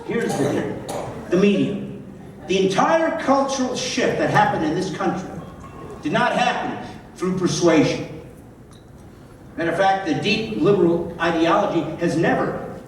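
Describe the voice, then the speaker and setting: A man's voice: high-pitched, expressive, moderate pace, long pauses. A man, a comedian, giving a punchy stand-up speech at a banquet with sarcastic asides. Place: large banquet hall. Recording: distant, echoey hall with crowd. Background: audience laughter and room noise.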